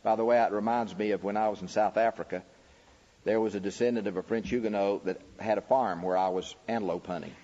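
A man's voice: fairly even intonation, fast talker, warm tone. A man preaching a lecture-style sermon, pushing his voice up with emphasis on key words. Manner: emphatic, pitch rising sharply on key words. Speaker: preacher teaching a lecture series. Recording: dull recording with long hall reverb.

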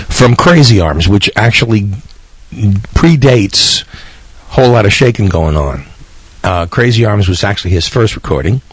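A man's voice: lowish voice, husky, dry recording. A man, hosting a podcast in a rambling, chatty way with small laughs. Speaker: podcast host. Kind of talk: casual radio-style podcast hosting.

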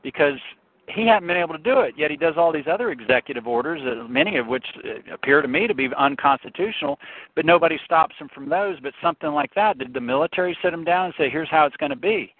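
On a talk show, a man with a high, expressive voice rants fast and passionately about politics, telling stories and often restarting his sentences. The recording is tinny, phone-like, and dry, with no room sound.

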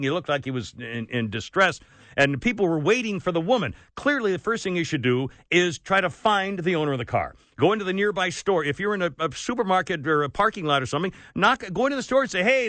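A man's voice: on the high side, sharp tone, dry recording. A man hosting a talk radio show, ranting in an exasperated, worked-up way and saying he is sweating. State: sweating, overheated. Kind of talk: opinionated talk radio rant.

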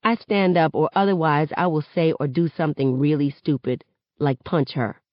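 A woman reading a novel aloud in measured first-person narration for a study session. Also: low voice, fairly even intonation, no room sound, lo-fi sound. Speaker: reader in a book study session.

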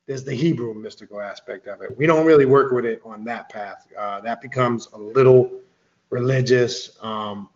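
A man's voice: mid-range voice, moderate pace, darkish tone, roomy sound, muffled recording. A man explaining occult ideas in casual talk, rambling with restarts and the odd curse word. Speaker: occult author guest.

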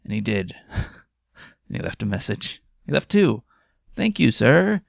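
Gravelly-voiced man hosting a podcast. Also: lowish voice, big pitch swings, normal speed, darkish tone, no echo, clean studio sound. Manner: rambling, jokey and crude. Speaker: podcast host. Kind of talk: casual chat.

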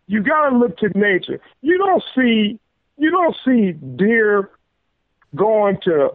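Guest on a call-in show: high-pitched man, halting and repetitive, tinny dry phone line. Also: dry recording. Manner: halting, repeats words while making a point. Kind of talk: casual discussion.

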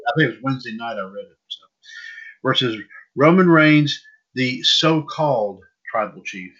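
A man's voice: mid-range voice, animated, moderate pace, a bit bright, breathy edge. A man hosting a casual wrestling news podcast, rambling and repeating himself. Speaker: podcast host. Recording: dull lo-fi audio.

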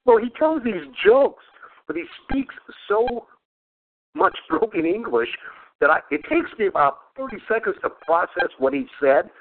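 A man's voice: high-pitched, sing-song, normal speed, creaky. A man hosting a podcast in casual chat, rambling and crude, laughing often. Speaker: podcast host. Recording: phone-like lo-fi sound.

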